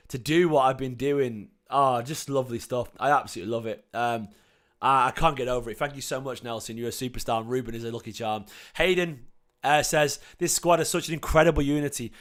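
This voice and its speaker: Young male streamer, mid-pitch, excitable and emotional, lots of fillers, slight cough. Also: fairly quick. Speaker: fan channel host reading live chat. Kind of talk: casual livestream chat.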